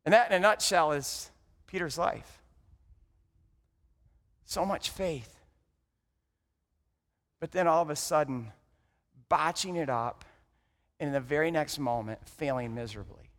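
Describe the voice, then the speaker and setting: A man preaching a sermon, telling the story dramatically and swinging from loud to hushed. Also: a little high, a little slow, pauses often. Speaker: pastor. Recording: long hall reverb.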